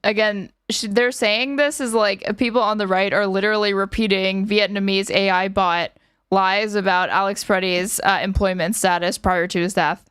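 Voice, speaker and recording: A woman's voice: mid-range voice, fairly even intonation, moderate pace, fairly bright tone, smooth, no echo, studio quality. Sarcastic woman reading news aloud. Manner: sarcastic, reads articles aloud with asides. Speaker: streamer reacting to news clips. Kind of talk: casual commentary over clips.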